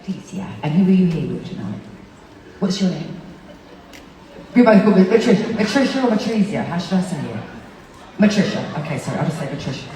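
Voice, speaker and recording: A woman's voice: fairly low pitch, sing-song, fast. A British woman bantering on stage with a concert audience, joking and laughing at herself. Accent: British English. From Britain. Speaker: singer addressing a concert audience. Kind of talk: casual stage banter with the crowd. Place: large live concert venue. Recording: echoey live venue, distant mic, loud crowd noise.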